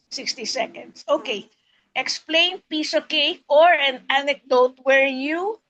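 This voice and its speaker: A woman's voice: high-pitched, fairly bright tone, dull audio. A woman leading table topics at a speaking club meeting, teasing and playful with the members. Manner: teasing, acts out silly quoted voices.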